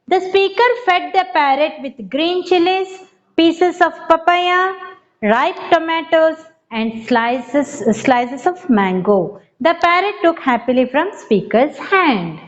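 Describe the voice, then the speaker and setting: A woman's voice: high-pitched, expressive, slow. A woman with an Indian English accent, a primary school teacher giving a revision lesson, spelling words out letter by letter and calling to the children. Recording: dull lo-fi recording.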